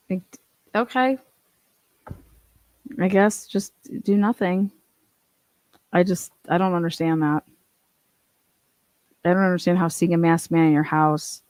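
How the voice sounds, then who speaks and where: A woman's voice: on the low side, no echo. Young woman ranting about a true crime case, swears a lot, dry close sound. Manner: blunt, profane, animated storytelling. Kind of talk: casual commentary.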